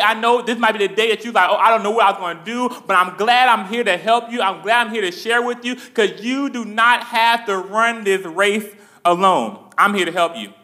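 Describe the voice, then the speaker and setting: Young man, sermon, earnest, repetitive, high voice, bright tone. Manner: earnest, repetitive, with restarts and direct address. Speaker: preacher.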